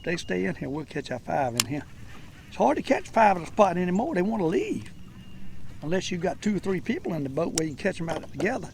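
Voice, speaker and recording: An older man with a Southern US accent giving excited, folksy commentary while fishing from a boat. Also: high voice, fast, gravelly, a little hiss or hum. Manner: excitable, folksy, talks to himself and viewers. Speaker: fishing vlogger. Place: outdoors on a boat on a lake.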